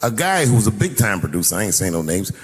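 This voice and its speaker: A middle-aged male comedian spinning a long stand-up story, full of cursing and vivid swings in pitch. His voice is a bit husky. A long reverb carries it through the venue. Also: fast. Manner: profane, animated storytelling.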